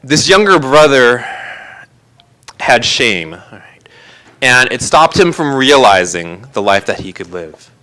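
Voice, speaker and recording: A man's voice: mid-range voice, big pitch swings, slow pace, long pauses, bright, forceful tone, rough recording. A man, a pastor, preaching a sermon in a live-streamed church service and retelling a parable with earnest storytelling. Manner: earnest storytelling preacher, voicing characters in quotes.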